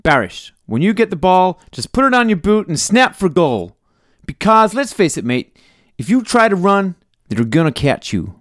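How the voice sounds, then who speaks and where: A man voicing a gruff male sports coach in a deliberately bad American accent. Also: sits high, very animated, no room sound, clean studio sound, voice pushed up. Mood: mock-stern.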